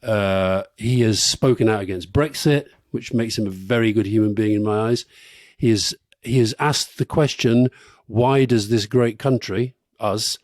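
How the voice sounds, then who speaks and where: A man's voice: fairly low pitch, a little slow, a little mellow, no room sound, studio quality. A middle-aged man co-hosting a live podcast, telling wry anecdotes and laughing as he goes. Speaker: podcast co-host. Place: live stage event.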